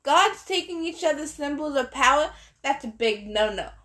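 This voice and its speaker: A brash war god from an audiobook sneers and taunts, voiced by a woman. He talks with swagger, as if everything amuses him. The voice sits high in her range. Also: animated, moderate pace, fairly bright tone. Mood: taunting. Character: brash mocking adult male war god.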